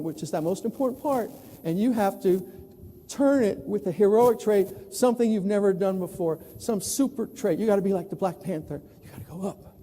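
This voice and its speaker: A man from New York tells stories on a conference stage and acts out the voices of the people he quotes. His voice sits high but sounds deep and mellow in tone. The sound has the long reverb of a large hall. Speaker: plenary speaker. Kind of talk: conference keynote storytelling.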